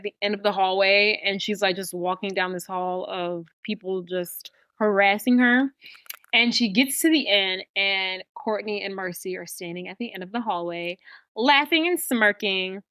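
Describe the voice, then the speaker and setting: A woman's voice: medium pitch, normal speed, clear, resonant tone. A young woman co-hosting a podcast, recapping a film in casual chat and acting out the characters' lines. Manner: animated storytelling, acts out characters' lines. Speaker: podcast co-host.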